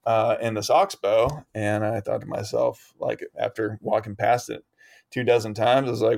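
A man's voice: on the low side, steady tone, normal speed, creaky, a little mellow. A man telling a long story as an interview guest, rambling with many fillers and laughing often.

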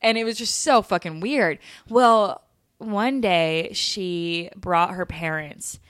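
A young woman who has lived in Utah hosts a podcast, telling a candid story in a casual chat, swearing freely and laughing along the way. Her voice is fairly low, slow, and a bit bright, recorded dry with clean studio sound.

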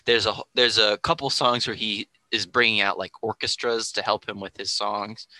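A man explains rap music in a relaxed podcast chat, thinking aloud as he goes. His voice is fairly low but very bright and cutting. The sound is dry and close, with no room around it. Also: no echo, poor audio. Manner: thoughtful, explanatory. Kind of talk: casual podcast conversation.

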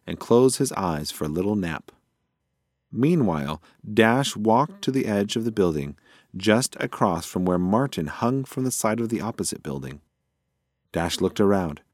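A man narrating a children's storybook in an expressive, lively storytelling manner. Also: lowish voice, dry recording, studio quality. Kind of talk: storybook reading.

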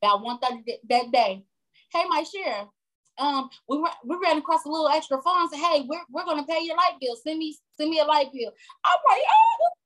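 A woman in a casual chat who talks in a relaxed way and often checks in with her listener. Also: sits high, fairly quick, poor audio. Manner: relaxed, fillers like "you get what I'm saying".

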